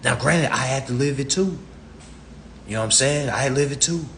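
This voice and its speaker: A man's voice: mid-range voice, fairly quick, fairly bright tone, slight background noise. A man on a live stream, ranting in a blunt, profane, preachy way into his phone. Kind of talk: casual rant.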